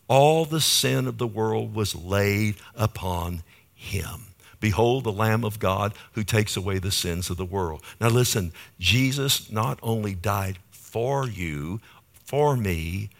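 A man's voice: on the low side, vocal fry, a bit bright. A male pastor preaching a sermon, asking the congregation questions and building emphasis on key phrases.

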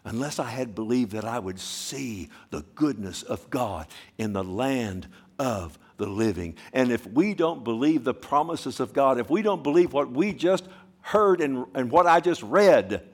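Middle-aged male pastor, impassioned sermon delivery, mid-pitched, hushed-to-loud swings. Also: lively intonation, a little slow, husky.

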